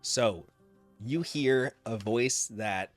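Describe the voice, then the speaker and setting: A man's voice: medium pitch, faint music behind. Man narrating as game master. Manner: descriptive, measured narration with frequent fillers.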